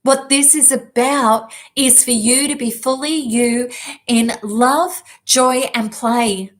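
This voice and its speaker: A woman self-help speaker telling a personal story in an emphatic, lively way. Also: fairly high pitch. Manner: lively, emphatic, quick asides. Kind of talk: storytelling talk to an audience.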